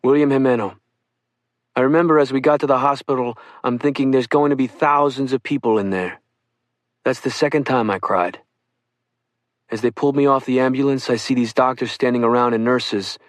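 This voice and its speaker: A man narrating an oral history audiobook, reading survivors' accounts in a calm first-person voice. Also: mid-range voice, brisk, no room sound, studio quality.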